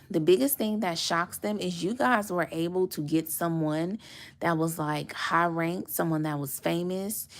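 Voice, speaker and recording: A woman giving a casual tarot reading to her viewers, chatty and loose, with plenty of fillers and small laughs. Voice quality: low, gravelly voice. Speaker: tarot reader.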